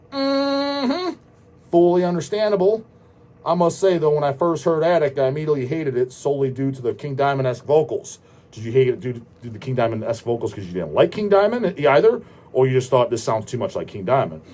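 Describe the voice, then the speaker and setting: A man's voice: medium pitch, expressive, fast, darkish tone. A man hosting a show, answering viewer questions in a profane, ranting casual style. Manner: profane, ranting, repeats goddamn. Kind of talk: casual rant.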